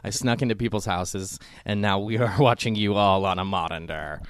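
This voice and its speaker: A man hosts a podcast in easygoing comedic chat, his voice sitting on the low side. He jokes and swears casually. He speaks into a headset, and the sound is dry and close. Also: moderate pace, smooth, no room sound. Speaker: podcast host.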